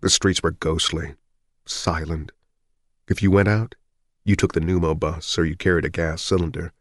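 A man reading a novel aloud in a measured, somber narration. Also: deep voice, fairly even intonation, no echo, studio quality. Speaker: audiobook narrator. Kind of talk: scripted narration.

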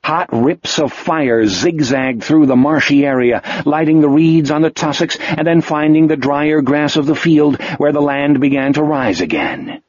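A man reading an audiobook in steady scripted narration. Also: a little high, unhurried, few pauses, highs cut off, a little hiss or hum.

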